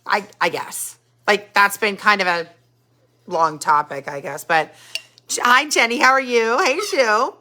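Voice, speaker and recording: A woman's voice: mid-range voice, expressive, measured pace, bright, forceful tone. A middle-aged woman hosting a casual live stream, greeting viewers by name and chatting about their comments while she thinks aloud. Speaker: podcast host reading live chat comments.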